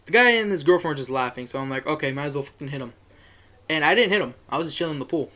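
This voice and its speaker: A man's voice: on the high side, lively intonation, quick pace, pushed and bright. A young man telling a rambling, profane story in a casual monologue, chuckling as he goes.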